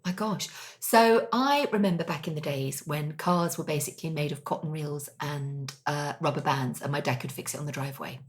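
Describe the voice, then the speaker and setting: A middle-aged woman co-hosting a casual kitchen-table chat, telling animated stories and laughing often. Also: low voice, moderate pace, hardly any pauses. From England. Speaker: podcast co-host.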